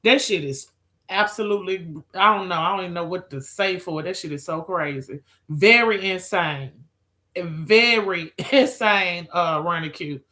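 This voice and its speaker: A woman's voice: fairly low pitch, brisk, pushed and bright. A woman chatting with viewers on a live stream, sassy and profane, calling people girl, child and honey. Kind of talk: casual live-stream chat.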